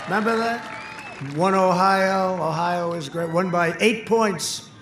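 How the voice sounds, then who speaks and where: A man giving a campaign rally speech in short, punchy, repeated phrases, sometimes breaking into shouts, recorded outdoors through an echoing PA. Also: sits high, measured pace, a little hiss or hum. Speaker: political speaker at a rally. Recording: echoey outdoor PA sound with crowd. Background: cheering crowd.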